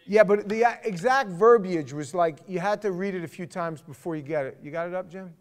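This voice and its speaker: A man's voice: sits high, fairly quick. A man leading a church Bible study in a casual, conversational way, often restarting and asking the group questions.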